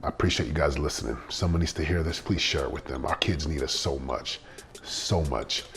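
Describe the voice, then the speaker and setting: A man's voice: a bass voice, brisk, fairly bright tone, a little hiss or hum. A middle-aged man hosting a motivational podcast, talking earnestly and repeating phrases for emphasis. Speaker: podcast host.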